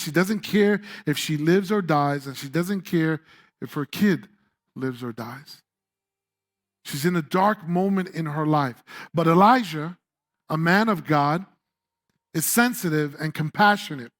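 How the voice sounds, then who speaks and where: A man's voice: a little high, measured pace. A man preaching a sermon in a church, conversational and humorous, acting out the voices of scripture characters. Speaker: pastor.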